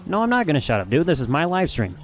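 A man from Michigan giving excitable, mildly profane commentary while live streaming a video game. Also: a little high, fast. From Michigan, USA. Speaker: gaming streamer. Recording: game noise underneath. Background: game sounds.

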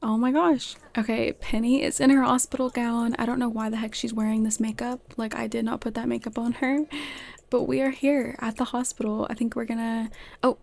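A woman giving chatty, excitable commentary over a life-simulation game as she plays, often gasping and laughing. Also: a little high, fairly quick, vocal fry. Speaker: game streamer. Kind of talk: casual gameplay commentary.

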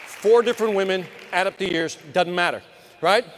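A middle-aged man's high, fairly bright voice moves at a moderate pace through a live sales keynote, with a little hiss or hum on the recording. His delivery is punchy and motivational, aimed right at the crowd, and the big conference hall gives a long reverb.

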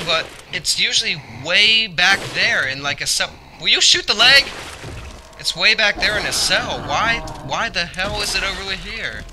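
A young man with a high-pitched voice hosts a let's play, commenting on the game over background noise. When something startles him, he yelps and repeats himself.

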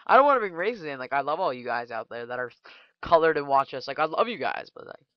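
A man trash-talks his way through a game in loose, crude commentary, breaking into sudden excited yelps. His voice is smooth and clear but sits very close and dry, with a slightly dull, lo-fi sound to the recording. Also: fairly high pitch, fast, dry recording. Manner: crude, joking trash talk with excitable outbursts. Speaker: gaming channel host. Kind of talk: casual gameplay commentary.

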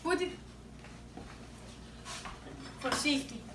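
High-voiced woman in a put-on Russian accent. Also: slow. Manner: playful, broken English, jokey. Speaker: vlogger. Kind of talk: casual cooking review vlog. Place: home kitchen. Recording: echoey kitchen, far from mic, noisy.

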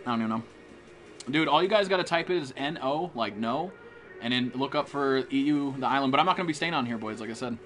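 A man's voice: mid-range voice, quick pace, a bit bright, faint music behind. A man streaming a game live, swearing and trash-talking other players while he greets chat viewers. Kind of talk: live gameplay commentary.

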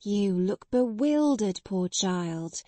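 A woman voicing a gentle, motherly woman who talks in a slow, soothing, kind way. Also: mid-range voice, expressive, no echo. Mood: tender.

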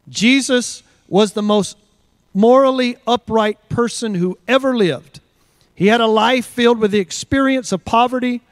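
A man with a fairly high voice preaching a measured, earnest sermon. He works through scripture with repeated rhetorical questions. The sound is close and dry, with no room echo. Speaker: guest preacher. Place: church service.

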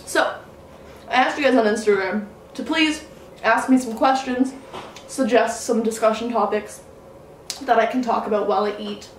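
A young woman with a fairly high voice talks casually to the camera as she eats, joking and swearing along the way. She sits back from the mic in a room at home that rings with echo. A faint hum of room noise runs behind her. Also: moderate pace, long pauses. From Canada. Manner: chatty, swears casually, jokey. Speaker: vlogger. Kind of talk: casual mukbang chat while eating. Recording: echoey room, mic at a distance.

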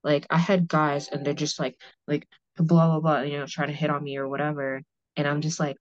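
A woman's voice: low-pitched, fairly even intonation, brisk, darkish tone, dry recording. A woman hosting a podcast, talking frankly and rambling with lots of "like" fillers. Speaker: podcast host. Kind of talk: candid conversational discussion. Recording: slightly muffled audio.

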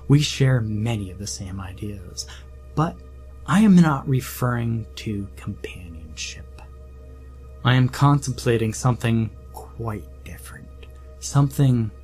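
A smug, scheming doctor, played by a man, taunts in a slow, low-pitched, condescending voice. His sarcasm rests over faint background music. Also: a little mellow, slightly rough, full character voice.

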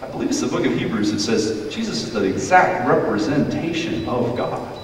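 A man's voice: medium pitch, animated, fairly quick, a little hiss or hum. A male pastor giving a playful children's sermon, now and then putting on quoted voices. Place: church sanctuary. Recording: echoey church hall, mic far off.

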